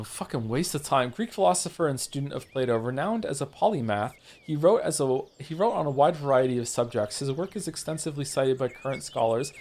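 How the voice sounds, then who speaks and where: Male game streamer, a bit high-voiced, reads game text aloud, trips over names, curses a lot in loose asides. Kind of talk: live game stream read-along.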